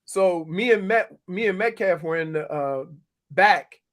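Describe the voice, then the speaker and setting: A middle-aged man co-hosting sports radio, telling animated stories and laughing often. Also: high-pitched, unhurried. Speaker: sports radio co-host, former NFL player. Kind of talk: casual sports talk.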